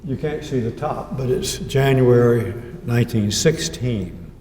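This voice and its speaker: A man gives an author's talk, trading anecdotes and quoting others in his own voice. His tone is dark and mellow. He is heard from a distance in a roomy, echoing hall. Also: medium pitch, expressive, measured pace, slight background noise. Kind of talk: lecture with slides. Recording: echoey hall, mic far off.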